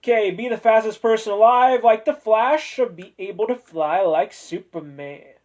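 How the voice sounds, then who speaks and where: A man's voice: high-pitched, moderate pace, darkish tone. A man hosting a casual discussion, chatty and joking with playful sarcasm, turning sincere and sentimental when speaking of family. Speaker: host of a discussion video. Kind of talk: casual chat.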